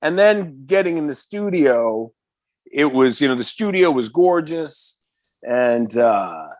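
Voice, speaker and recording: A man in his fifties from the Bay Area, a metal singer telling a story as a podcast guest, excitable, swearing freely and full of "you know". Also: a little high, slow, no room sound, studio quality. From San Francisco Bay Area. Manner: animated, excitable, swears freely, heavy filler words. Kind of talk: casual storytelling in conversation.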